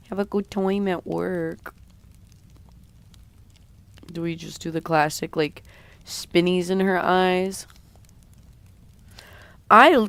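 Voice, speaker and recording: A woman livestreams herself drawing and chats with her viewers at an unhurried, slow pace. Her voice sounds a little sick, yet it stays smooth and clean. The recording is dry and close, with no room sound. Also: lowish voice, no room sound. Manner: chatty, talks while drawing, reads and answers chat. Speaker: streamer. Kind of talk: casual drawing livestream chat.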